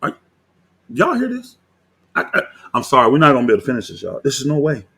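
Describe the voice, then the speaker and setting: A man, a pastor, giving heated reaction commentary on a video, indignant and combative, often rising into loud outbursts. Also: mid-range voice, huge pitch swings, fast talker, vocal fry, husky.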